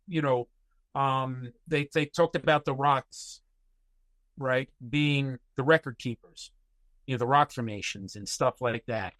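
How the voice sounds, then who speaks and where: A man's voice: medium pitch, fairly bright tone, no room sound. A man guest on a podcast, telling personal stories in a rambling way with many fillers and restarts. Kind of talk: casual interview storytelling.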